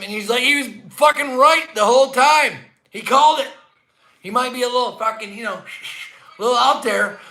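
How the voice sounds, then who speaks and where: A man hosting a casual livestream from his home, ranting with heavy swearing and swinging from low grumbles to shouts. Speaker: livestream host. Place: indoor room at home, not the barn. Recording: echoey room.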